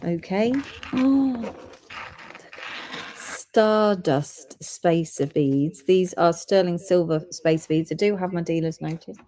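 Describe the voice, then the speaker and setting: Woman, live sale host, chatty, reads codes, lowish voice. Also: a little slow, few pauses, warm tone, a little hiss or hum.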